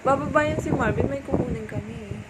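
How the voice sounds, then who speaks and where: A woman's voice: high-pitched, quick pace, heavy background noise. A woman, coaxing and playfully baby-talking to a little child in a home video. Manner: sing-song baby talk, coaxing and playful. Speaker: mother or caregiver filming a baby. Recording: home video with loud background music.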